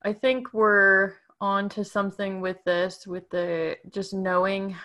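A woman's voice: mid-range voice, flat delivery, slow pace, pushed and bright. A woman in her thirties co-hosting a podcast, chatting casually and laughing easily. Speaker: podcast co-host. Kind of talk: casual chat.

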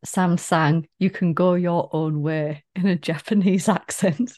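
A woman's voice: on the low side, steady tone, unhurried, darkish tone. A middle-aged woman co-hosting a casual podcast, playful and teasing. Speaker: podcast co-host. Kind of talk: casual chat.

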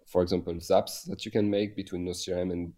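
A man's voice: low-pitched, flat delivery, fast talker, dark tone. A man with a French accent, a guest in a casual podcast interview, speaking hesitantly with many fillers and restarts. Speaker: guest, software company founder.

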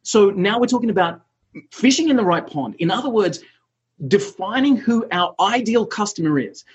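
A man's voice: high voice, expressive, normal speed, breathy edge, highs cut off. A man hosting an interview who jumps in with enthusiastic praise and follow-up questions. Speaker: podcast host. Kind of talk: casual interview talk.

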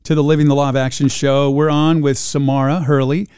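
A man's voice: mid-range voice, flat delivery, brisk, darkish tone, smooth, dry recording, studio quality. A man hosting a live talk show, praising his guest at length in an effusive way. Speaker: show host.

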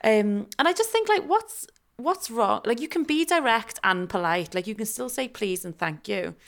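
A woman's voice: a little high, expressive, moderate pace, gravelly. A woman co-hosting a podcast in casual chat, self-deprecating and swearing freely. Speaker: podcast co-host.

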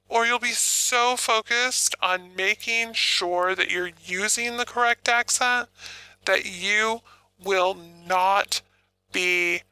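A woman talks slowly and bluntly, swearing freely as she hands out tips on phone sex work. Her voice is sharp and intense, smooth and clear, with a gravelly creak underneath, and it sits close and dry on the mic. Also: mid-range voice, no room sound, poor audio. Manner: blunt and profane. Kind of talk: casual advice monologue.

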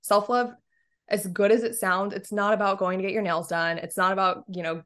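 A woman's voice: mid-range voice, flat delivery, a little fast, a bit bright. A woman fitness coach talking candidly in an interview, with lots of "like" and "you know". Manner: candid, uses many fillers like "like" and "you know". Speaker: health and fitness coach, guest. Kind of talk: casual interview talk.

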